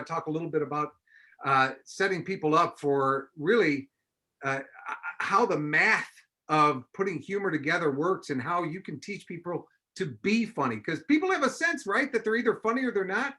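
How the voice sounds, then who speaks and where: A man moderating a panel over a video call, with a bright, fairly high voice. He sums up points and passes the floor along in an easy, conversational way. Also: lively intonation, moderate pace. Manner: summarizing and handing off to other panelists. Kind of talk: conference panel talk.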